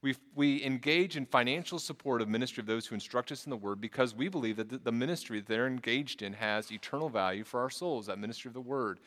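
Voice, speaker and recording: A man's voice: medium pitch, fast talker, few pauses, a bit bright. A middle-aged man preaching a sermon as pastor in a church, earnest and conversational, often restarting his sentences. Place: church sanctuary. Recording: long reverb in a large hall.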